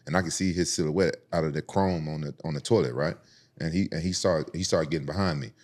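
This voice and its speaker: Low-voiced fast-talking man from Memphis. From Memphis, United States. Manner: animated, profane, acts out voices in stories. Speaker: podcast host telling stories. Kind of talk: casual storytelling.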